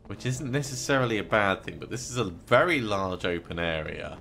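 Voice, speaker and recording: A man with a very deep, gravelly voice talks through his gameplay in a relaxed, wry way. Faint noise sits behind his voice. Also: a little fast. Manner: wry, joking asides. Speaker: let's play host. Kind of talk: casual gameplay commentary.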